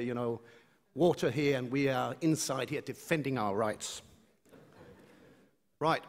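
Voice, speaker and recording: Danish-accented man lecturing in a reverberant hall. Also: on the high side. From Denmark. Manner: hesitant, many fillers and restarts, light self-mocking humor. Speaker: anesthesiologist giving a conference lecture. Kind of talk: conference lecture.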